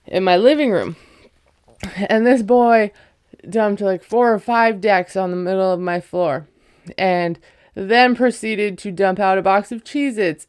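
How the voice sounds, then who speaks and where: A woman's voice: mid-range voice, smooth. A woman casually recapping a reality show episode, rambling and peppering her talk with "like" and "you know.". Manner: rambling, filler-heavy, frequent "like". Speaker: recap vlogger; parent.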